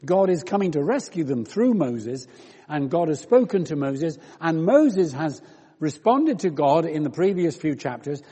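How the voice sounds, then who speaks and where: Preacher in a reverberant church. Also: male voice, fairly high pitch, very animated, a little slow, mellow, breathy edge. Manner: conversational, explaining scripture with rhetorical questions. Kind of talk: sermon. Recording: long reverb of a church hall.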